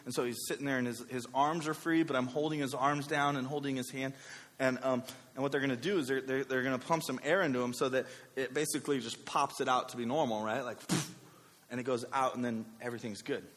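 Man, 30s, pastor, conversational sermon, mid-pitched voice, long hall reverb. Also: fast talker. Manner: conversational, animated storytelling with many asides. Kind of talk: sermon with personal story.

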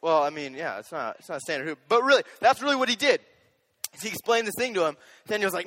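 A young man preaching a sermon as a youth pastor, animated and joking, speaking straight to the audience. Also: high voice, fast, in a large hall.

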